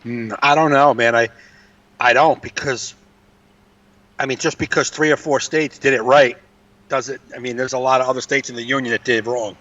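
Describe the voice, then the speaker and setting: A man's voice: mid-range voice, fairly even intonation, moderate pace, a bit bright. Ranting, profane man, far from mic. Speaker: podcast co-host, comedian. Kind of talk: casual podcast chat. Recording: distant, dull lo-fi mic.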